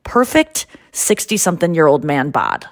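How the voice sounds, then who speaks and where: A woman's voice: deep voice, moderate pace, no room sound, studio quality. A woman hosting a podcast, chatting casually and acting out the people she quotes as she tells a story. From United States. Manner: animated storyteller, acts out quotes. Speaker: podcast host. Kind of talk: casual chat.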